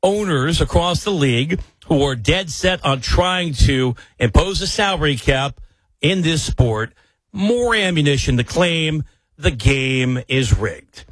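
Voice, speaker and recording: A man's voice: on the high side, fairly bright tone, no room sound, rough recording. A man filling in as a sports talk host, delivering an opinionated monologue with emphatic rants and rhetorical questions. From New York area.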